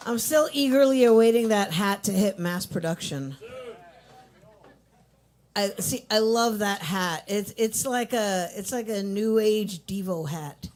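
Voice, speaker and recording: Slow, upbeat woman hosting an open mic. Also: mid-range voice, a little mellow. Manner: chatty and upbeat, plugging drinks and introducing acts. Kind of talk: emceeing a live open mic. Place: small coffee shop.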